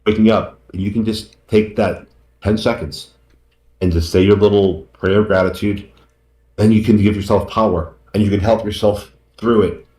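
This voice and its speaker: During an emotional interview in an echoey room, a male guest author talks earnestly and gratefully, repeating his words and tearing up. His voice is lowish and darkish, with fairly even intonation and a moderate pace.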